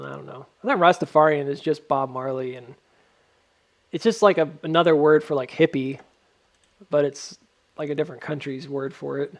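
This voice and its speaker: Guy rambling about stock charts, kinda higher voice, lots of ums, cracks himself up. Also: creaky. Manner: rambling, many ums, laughs at his own jokes. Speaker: stock market chart commentator. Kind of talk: casual market commentary.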